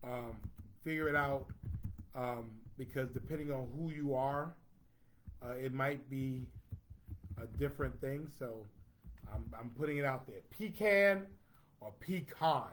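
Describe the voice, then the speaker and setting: A man's voice: medium pitch, steady tone, measured pace, long pauses, slight background noise. A man hosting a casual livestream, chatty and playful as he reads out viewers' comments. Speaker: host reading viewer comments.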